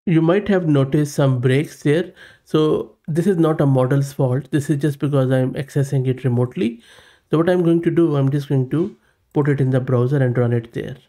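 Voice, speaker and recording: A man's voice: a little high, moderate pace, warm tone. A man hosting a tech tutorial, explaining a demo casually and thinking aloud. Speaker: tech channel host.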